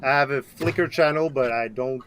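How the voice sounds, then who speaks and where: A man from Quebec with a French Canadian accent, a native French speaker talking as a guest in a casual video chat, with halting restarts. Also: medium pitch, a bit bright.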